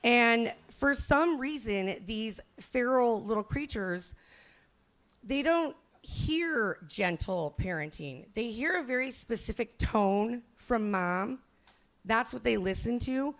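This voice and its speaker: A woman in her forties delivers a stand-up comedy set in a brash, profane, self-mocking way. Her voice sits a little high and carries a gravelly fry. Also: expressive, slow pace, a bit bright.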